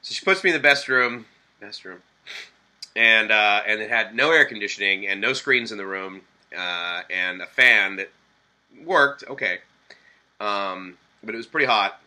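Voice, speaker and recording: Bright-voiced man rambling through a travel story. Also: on the low side, normal speed, rough recording. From Boston area. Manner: rambling, with many fillers and self-corrections; animated quoted dialogue. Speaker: vlogger. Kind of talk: casual storytelling to camera.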